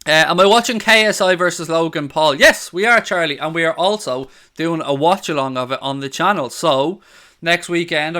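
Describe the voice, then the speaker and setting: A man's voice: fairly high pitch, pushed and bright, clean tone. An Irish man hosting a casual live football stream from his living room, joking, swearing and reading out viewer comments on a studio mic. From Ireland. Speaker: football channel host. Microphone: studio condenser mic on a stand.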